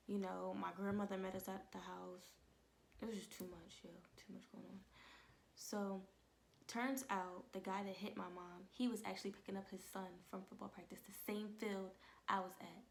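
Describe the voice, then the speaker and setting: Young woman, casual emotional testimony, gravelly fry, soft whispers. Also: medium pitch, a little hiss or hum. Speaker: vlogger. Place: home.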